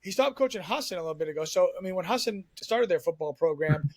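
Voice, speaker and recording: A man from Southern Maine, a former TV sports reporter, telling stories as a podcast guest in an animated, chatty way. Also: high voice, dry recording. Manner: animated storyteller, quick and chatty. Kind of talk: casual podcast storytelling.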